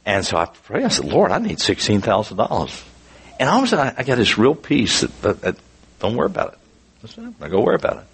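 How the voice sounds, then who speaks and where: A man preaching a sermon, telling a personal story in an earnest, animated way with frequent restarts. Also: fairly low pitch, quick pace, creaky, slightly rough.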